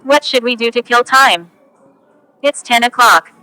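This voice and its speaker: Slow, bright woman reading phrases. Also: fairly high pitch, no echo, poor audio. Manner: slow, careful, each phrase spoken on its own. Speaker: English teacher. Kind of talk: reading example phrases for learners.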